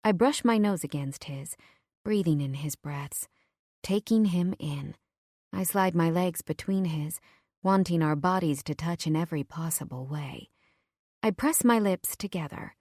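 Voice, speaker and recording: A woman narrating a first-person romance audiobook in a soft, intimate, measured voice on a close mic. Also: lowish voice, no room sound.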